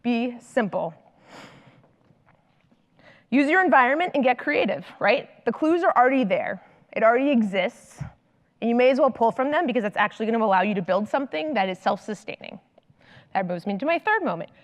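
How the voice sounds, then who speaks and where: Woman giving an animated conference talk. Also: fairly high pitch, fast talker. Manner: animated storytelling, frequent "like". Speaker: consultant and coach. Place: large conference hall. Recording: long hall reverb from stage.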